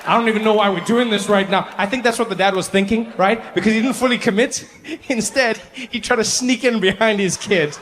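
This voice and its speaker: Guy doing standup, animated storyteller, fairly high voice, big hall reverb. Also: a little fast. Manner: animated, jumps between voices. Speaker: stand-up comedian. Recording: live hall with long reverb.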